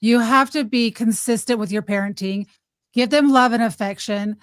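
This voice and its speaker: A woman's voice: on the high side, moderate pace, no echo. A woman guest speaking earnestly in casual chat, giving advice with rambling restarts. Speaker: podcast guest.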